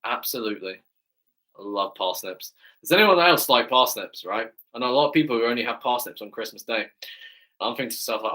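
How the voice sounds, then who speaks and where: A man's voice: medium pitch, expressive, a little fast, pushed and bright. A man with an English accent, a fitness coach chatting enthusiastically with viewers on a live stream Q&A, often tagging his sentences with "right?".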